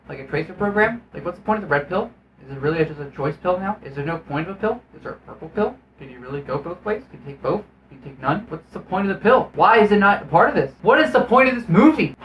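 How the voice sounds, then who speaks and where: A man's voice: sits high, a bit bright, a little hiss or hum, rough recording. A man hosting his own video, giving a rambling, sarcastic, profanity-laced recap of a movie. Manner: rambling with frequent restarts. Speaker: video host reviewing a film.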